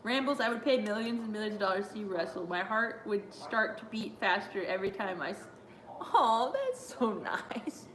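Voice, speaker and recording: A woman's voice: mid-range voice, sing-song, normal speed, fairly bright tone. Giggly woman streamer in an echoey room. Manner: giggly, jokey, reads chat aloud and answers. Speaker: streamer reading chat during a watch-along. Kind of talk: casual chat.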